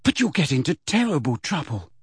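A man's voice: on the high side, big pitch swings, a little fast, breathy edge, no echo, full character voice. A man voicing an anxious, earnest teenage schoolgirl who pleads with her friends.

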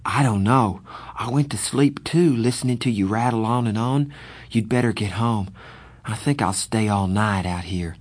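A man reading an audiobook, voicing a scared, hopeless teenage boy who speaks in a hushed, breathy, halting whisper. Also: lowish voice, close to an everyday voice. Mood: sleepy. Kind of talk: audiobook character voice.

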